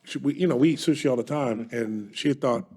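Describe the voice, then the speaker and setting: A man's voice: mid-range voice, quick pace, slightly rough. A man co-hosting a podcast in casual chat, emphatic and swearing a lot. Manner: profane, emphatic, trails off quietly. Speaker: podcast co-host.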